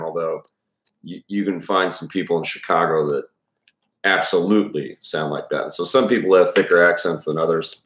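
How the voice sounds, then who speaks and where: This is a man with a very low voice rambling casually, stopping and restarting his thoughts and chatting between reading bits. He sounds like he's at home, and the room comes through noticeably echoey. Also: steady tone, normal speed, fairly bright tone. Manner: rambling, many restarts and fillers, self-deprecating. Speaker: reader giving commentary.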